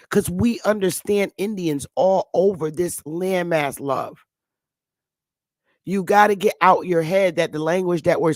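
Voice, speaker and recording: Speaking in a mid-range voice with no echo, this Connecticut channel host in her fifties rambles casually to viewers. She repeats herself and addresses them as sweetheart and love.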